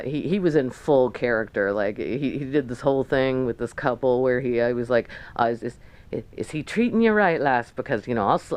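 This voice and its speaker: A woman's voice: very deep voice, clear, resonant tone, low-quality recording. An American woman vlogger in a hotel room, chatting casually and ramblingly about her travels through a camera mic, with lots of restarts and asides. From United States.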